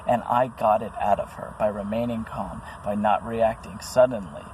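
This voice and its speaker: A man's voice: on the low side, steady tone, moderate pace, a little mellow, slight background noise, rough recording. A man speaking about his own experiences in an earnest, rambling monologue, full of restarts and fillers. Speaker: vlogger. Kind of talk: personal monologue to camera.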